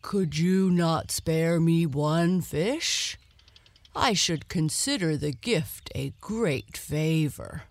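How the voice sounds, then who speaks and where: A woman's voice: deep voice, lively intonation, extremely slow, dry recording, full character voice. A woman voicing a polite, simple-minded male bear in a storybook tale, earnest and courteous.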